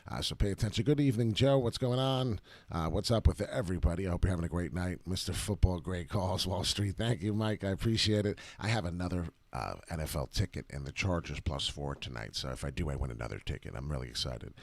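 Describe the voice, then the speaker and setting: A man with a very low voice talks through crypto charts live, rambling and excitable, his sentences full of uhs. The sound is dry and close, with no room around it. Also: fast, dry recording. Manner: rambling, excitable, many filler uhs, reacts to viewers by name. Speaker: crypto chart analysis livestream host. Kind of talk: live market chart breakdown.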